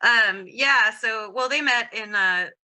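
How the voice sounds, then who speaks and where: A woman's voice: fairly high pitch, slow, pushed and bright, rough recording. A woman guest from Southern California talking candidly in a casual interview, full of fillers and frequent laughs. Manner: candid, giggly, filler-heavy.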